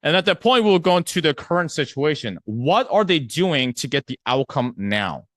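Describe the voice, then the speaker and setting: Lively-voiced man coaching sales. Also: on the high side, moderate pace, dry recording, studio quality. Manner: conversational, acts out prospect replies, checks in with "right?". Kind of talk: live online sales training.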